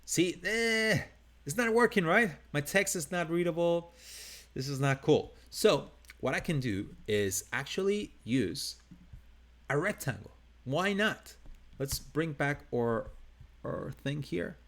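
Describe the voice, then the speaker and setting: A man's voice: on the high side, very animated, slow, a bit bright. A man with a non-native English accent teaching a live design tutorial, talking casually and thinking aloud as he works. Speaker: design instructor.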